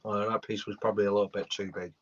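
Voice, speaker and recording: A man's voice: fairly low pitch, flat delivery, rapid-fire, a bit bright. A young man giving a rambling, sweary, casual live-stream beer review, talking while chewing. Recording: dull lo-fi stream audio.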